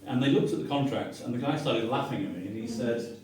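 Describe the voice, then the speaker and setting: With a crowd audible behind him, a fast-talking middle-aged Manchester man uses his mid-range voice to spin a funny story for an audience in a restaurant dining room. He's lively and self-mocking, performing quoted voices, and the echoey recording is made from far off.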